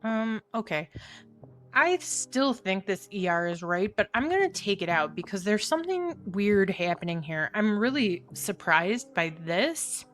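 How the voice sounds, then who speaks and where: A middle-aged woman works through a crossword aloud at an unhurried pace. She muses, questions herself and laughs easily, over faint background music. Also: mid-range voice, animated, fairly bright tone. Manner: musing, self-questioning, quick to laugh. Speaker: crossword solver. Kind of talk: thinking aloud while solving a puzzle.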